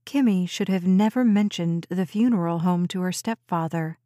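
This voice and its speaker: A woman narrating an audiobook in a measured, even storytelling voice. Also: fairly low pitch, no echo, studio quality. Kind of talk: scripted narration.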